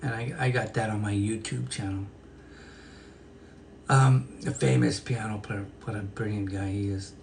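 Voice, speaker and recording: A man's voice: lowish voice, steady tone, moderate pace, gravelly, a little mellow. A man, a flute player and actor, casually telling a story to the camera in a rambling way, with many fillers and restarts. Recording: distant mic with noisy ambience.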